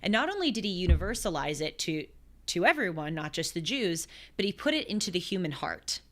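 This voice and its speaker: A woman's voice: fairly low pitch, very animated, fairly quick, fairly bright tone. A woman in her twenties hosting a talk show, giving earnest, thoughtful commentary on scripture and often restarting her phrases mid-thought. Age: 20s. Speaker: show host.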